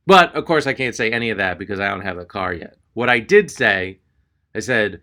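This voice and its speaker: A man's voice: on the low side, animated, a little fast, bright, forceful tone. A man from Texas doing stand-up comedy, telling an exasperated story.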